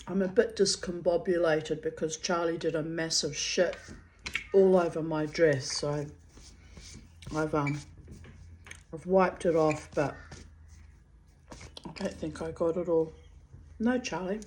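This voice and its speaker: A woman's voice: low-pitched, fairly even intonation, darkish tone, a little hiss or hum, low-quality recording. A middle-aged woman, candidly chatting and reading her own diary aloud, in a rambling way. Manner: slow, candid, rambling, talks to her pet bird. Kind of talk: casual chat and diary reading.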